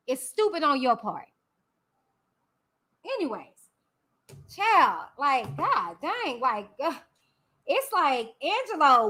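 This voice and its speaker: A woman's voice: sits high, big pitch swings, takes it slowly, pauses often, pushed and bright. A woman hosting her own livestream, talking in a dismissive, sassy casual rant with frequent laughs. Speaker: channel host.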